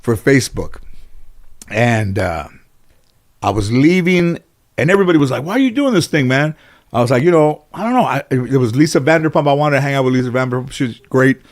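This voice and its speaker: A man's voice: medium pitch, animated, brisk. A middle-aged American man, a comedian and actor, telling stories as an interview guest in a casual, rambling way, full of fillers and restarts.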